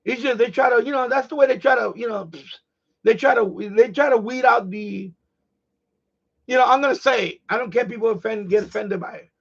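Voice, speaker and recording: A middle-aged man hosting a live stream, ranting in a blunt, profane, animated way in casual chat. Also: very high-pitched, a little fast, creaky, slightly rough, muffled recording.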